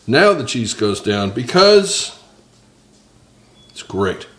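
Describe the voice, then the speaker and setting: A man's voice: medium pitch, very animated, slow pace, echoey room. A man hosting a casual cooking vlog from his small home kitchen, chatting and joking with viewers. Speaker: cooking channel host. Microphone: several cameras on the counter.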